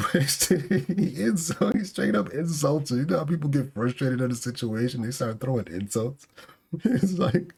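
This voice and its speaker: A man's voice: medium pitch, very animated, moderate pace, vocal fry, darkish tone, husky. A man hosting a casual reaction channel, reading aloud and commenting in a chatty way. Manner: chatty, laughs often, restarts words. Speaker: manga reaction channel host.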